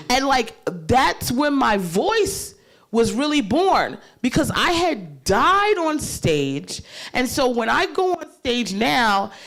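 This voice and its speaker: Woman comedian, fairly high voice, frank and animated panel storyteller, curses freely. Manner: animated and frank, swears freely, laughs through her story. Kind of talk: candid storytelling on a live panel. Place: panel stage at a leadership summit.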